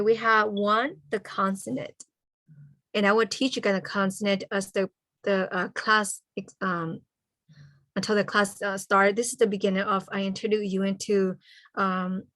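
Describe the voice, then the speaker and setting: A woman teaching a language class over a video call. She spells out letters and sounds slowly and keeps checking in with "okay?" after nearly every point. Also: medium pitch, fairly bright tone, dry recording. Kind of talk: online language lesson.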